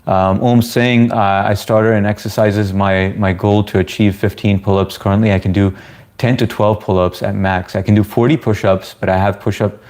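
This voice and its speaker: A man's voice: lowish voice, level tone, normal speed, a little mellow. A man from the US chatting casually with viewers on a livestream, laid-back and talkative. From United States. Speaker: live streamer answering chat.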